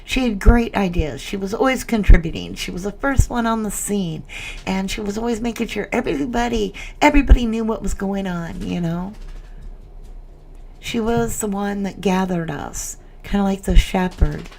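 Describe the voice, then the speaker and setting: A woman's voice: medium pitch, normal speed, vocal fry, a little mellow, a little hiss or hum. A woman hosting a casual livestream chat, emotional as she reads viewer comments aloud. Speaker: livestream host.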